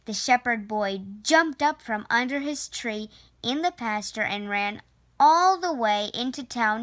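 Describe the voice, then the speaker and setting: Slow, bright-voiced woman reading a picture book. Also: a little high. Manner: slow, clear, expressive read-aloud. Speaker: storyteller. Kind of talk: reading a children's book aloud.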